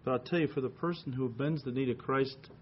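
A man's voice: mid-range voice, brisk, lo-fi sound, slight background noise. A man preaching a sermon as pastor, building emphasis with rhetorical questions.

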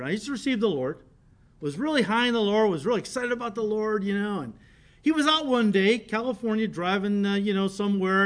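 A middle-aged man, a pastor, preaching a sermon and telling a story with lively swings from loud to quiet. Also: high voice. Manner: storytelling with animated shifts in volume, laughing.

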